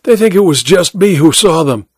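A man voicing a dying small-time male crook, raspy and fatalistic, in a spoken noir story. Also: sits high, expressive, moderate pace, darkish tone, dry recording, clean studio sound, voice pushed up. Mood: dying rasp.

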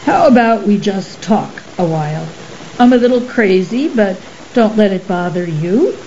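A woman reading an audiobook, voicing a huge, lonely, rough-spoken male creature who talks bluntly and loudly. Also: medium pitch, lively intonation, measured pace, lightly acted. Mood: chatty. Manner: blunt, exasperated, loud. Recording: slightly muffled with faint hiss.

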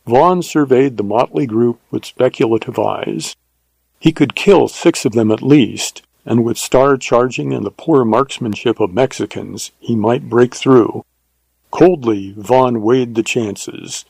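Gravelly male reader for a western audiobook, measured and steady, dry close sound. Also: medium pitch, no room sound, rough recording. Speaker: audiobook narrator. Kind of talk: audiobook narration.

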